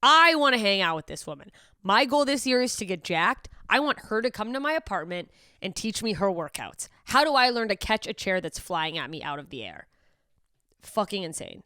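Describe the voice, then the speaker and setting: Woman comic host, expressive and incredulous, swears a lot, dry studio sound. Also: medium pitch, normal speed, no echo. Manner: animated, profane, incredulous riffing. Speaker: comedian podcast host. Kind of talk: casual comedic chat.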